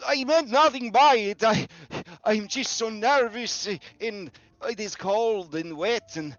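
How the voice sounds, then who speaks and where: Man doing a terrified commoner, stammering, high panicky voice. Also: measured pace, a bit bright, no room sound, soft background music. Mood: panicked. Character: terrified nervous commoner man who laughs when scared. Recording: dull lo-fi audio.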